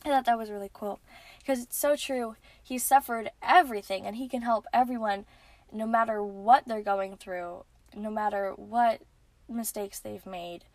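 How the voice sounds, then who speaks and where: A woman's voice: medium pitch, steady tone, normal speed, no echo. A woman hosting a podcast and giving a casual religious lesson in an earnest way, with frequent ums and restarts. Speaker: podcast host.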